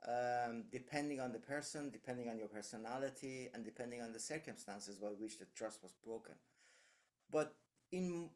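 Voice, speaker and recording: Rambling reflective man telling stories. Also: medium pitch. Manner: reflective, anecdotal, frequent fillers and restarts. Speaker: guest giving leadership advice. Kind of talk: casual conversational advice.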